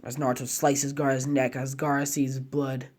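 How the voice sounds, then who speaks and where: A man's voice: mid-range voice, flat delivery, moderate pace, darkish tone. A man narrating a fan-made story casually, chaining run-on clauses with slang and fillers.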